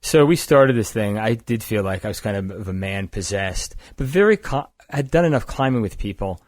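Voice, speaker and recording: An older man from the East Coast of the United States tells his story in a steady, matter-of-fact way, his voice sitting low. He is recorded up close and dry, with no room sound, as a guest at a podcast table. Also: fairly quick, no room sound. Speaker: guest, climbing gear company founder. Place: indoors across a table.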